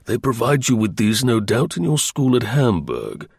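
A man voicing a calm, shrewd British intelligence officer in an audiobook reading. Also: mid-range voice, normal speed, vocal fry, husky, dry recording, studio quality, full character voice. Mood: stern. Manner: imperturbable, dryly confident. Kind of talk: audiobook character voice.

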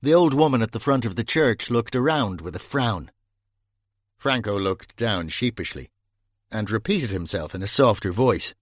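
A man reading a crime novel aloud in measured, even narration, close to the mic. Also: fairly low pitch, no room sound. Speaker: audiobook narrator. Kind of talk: scripted narration.

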